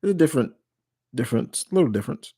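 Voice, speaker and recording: A man's voice: mid-range voice, lively intonation, fast, gravelly, mellow, husky. A man hosting a live stream Q&A in casual chat, rambling and often restarting or correcting himself mid-sentence. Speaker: live stream host answering viewer questions.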